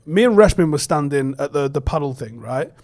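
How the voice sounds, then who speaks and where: A man's voice: a little high, animated, darkish tone. A man co-hosting a football podcast, joking through a cheeky ad read and casual banter. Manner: jokey, reads ad copy with punchy pauses. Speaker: podcast co-host.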